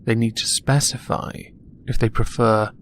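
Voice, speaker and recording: A man's voice: medium pitch, level tone, normal speed, a little hiss or hum. Sarcastic young Englishman with a posh accent. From England. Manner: dry, mocking, self-deprecating. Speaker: YouTube commentator. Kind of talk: sarcastic vlog commentary.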